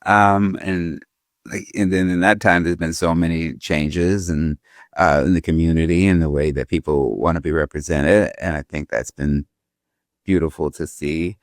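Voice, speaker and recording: A man in his forties with a very deep voice, speaking as a guest in a relaxed interview. He rambles easily and often laughs mid-thought. The recording is dry, with no room sound. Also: normal speed, dry recording. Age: 40s. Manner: laid-back, rambling, breaks into laughter. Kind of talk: casual interview talk.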